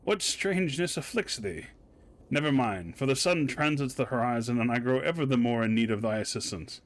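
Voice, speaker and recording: A man voicing a prim landlord in a video game who speaks in slow, old-fashioned archaic English. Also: mid-range voice, animated, close to an everyday voice. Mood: stately. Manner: slow, stately, archaic phrasing.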